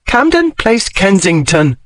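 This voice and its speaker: A man narrating an audiobook, voicing a sharp-tongued young Regency woman journalist with crisp, defiant retorts. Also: high-pitched, sing-song, takes it slowly, no room sound, pitched above the performer's own voice, full character voice. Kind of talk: audiobook character voice.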